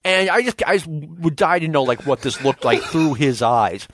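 With a voice on the high side and a moderate pace, a man in his fifties hosts a casual podcast, energetically telling stories and performing shouted quotes, all in clean, echo-free studio sound.

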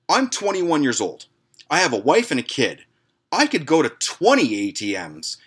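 A man hosting a podcast, telling a story in a casual, crude and heavily profane way, jumping higher and louder when he acts out his own angry lines. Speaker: podcast host.

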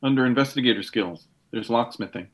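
A man's voice: medium pitch, brisk, a little hiss or hum. A man playing a tabletop game, helpfully reading skills off a character sheet. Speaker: player.

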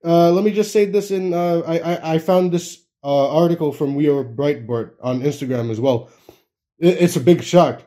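A man's voice: a little high, normal speed, mellow. A young man ranting casually about politics, rambling with many fillers, restarts and bursts of laughter. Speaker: political commentator.

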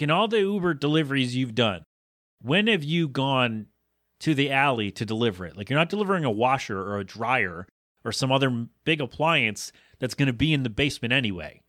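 A man's voice: a bit bright, no echo, studio quality. A man hosting a podcast, telling a long rambling story in an exasperated, incredulous way. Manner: exasperated storytelling, rising in pitch when incredulous. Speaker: podcast host. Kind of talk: rambling solo podcast monologue.

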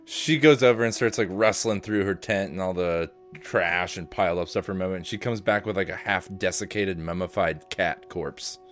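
A man's voice: deep voice, normal speed, few pauses, faint music behind. A man running a tabletop game as game master, narrating loosely with lots of fillers.

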